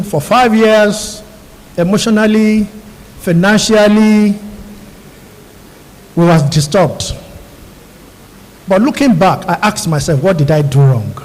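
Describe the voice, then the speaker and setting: A middle-aged Nigerian radiologist addresses a room of new doctors, telling his stories earnestly and speaking straight to them. His voice sits high for a man. The sound carries a long echo from a big auditorium. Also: darkish tone. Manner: earnest, storytelling, addresses audience directly. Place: large university auditorium. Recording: long hall reverb.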